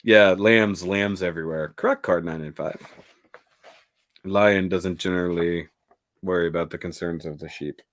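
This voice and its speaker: A man co-hosting a casual review chat, animated and jokey and quick to swear. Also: sits low, no echo. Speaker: co-host.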